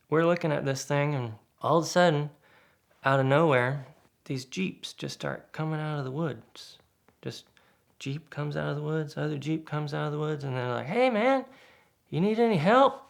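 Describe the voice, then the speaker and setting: A man telling a casual spoken anecdote in a lively way, acting out the other people's lines. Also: normal speed, vocal fry. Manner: lively, acts out quoted voices with sudden pitch jumps. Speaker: guest storyteller.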